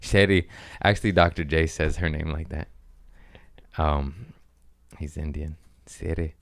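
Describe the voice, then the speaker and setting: A man's voice: extremely low pitch, measured pace, vocal fry, no room sound. A man hosting a podcast, telling comic stories casually with lots of swearing and put-on voices. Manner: rambling, profane, animated impressions. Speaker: podcast host. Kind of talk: casual comedic storytelling.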